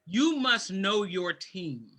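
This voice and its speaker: A woman's voice: medium pitch, big pitch swings, takes it slowly, fairly bright tone. A woman co-hosting a casual panel talk show, giving practical advice and repeating her key points. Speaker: podcast co-host.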